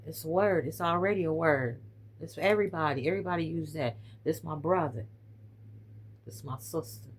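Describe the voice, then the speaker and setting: A woman's voice: low-pitched, fairly quick, slight background noise. A woman with a strained voice, chatting casually to viewers, recorded on a phone. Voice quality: voice strained by weather and heated talks. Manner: chatty, talks straight to viewers, says y'all. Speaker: host. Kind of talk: casual live-stream talk.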